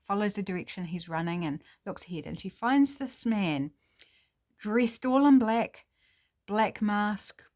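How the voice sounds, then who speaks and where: A woman's voice: mid-range voice, animated, a little slow, a little mellow. A woman with a New Zealand accent casually improvising a story, chatty with fillers and self-corrections.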